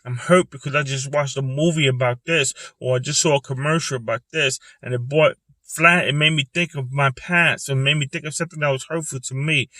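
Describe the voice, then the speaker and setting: A man talks into a close mic from a parked car, earnest and halting, often repeating himself as he works through his thoughts. His voice has a bright, forceful edge, and the sound is dry and close with no room echo. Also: mid-range voice, steady tone. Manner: earnest, repetitive, halting, with pauses and restarts. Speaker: vlogger speaking about depression. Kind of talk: personal confessional monologue.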